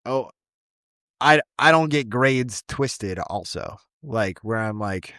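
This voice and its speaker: A man teaching high school English talks loosely on a podcast, circling back and restarting his sentences and swearing now and then. His voice sits at an ordinary pitch for a man. The close mic leaves it dry, with no room sound. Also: animated, slow pace, sharp tone, clean tone, no echo. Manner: rambling, frequent restarts and casual swearing. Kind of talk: casual podcast chat.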